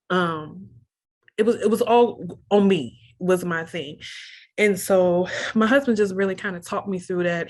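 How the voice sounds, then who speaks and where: A young woman telling her own story of pregnancy loss, candid and earnest, reenacting her own thoughts as she goes. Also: on the low side. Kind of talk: emotional personal storytelling.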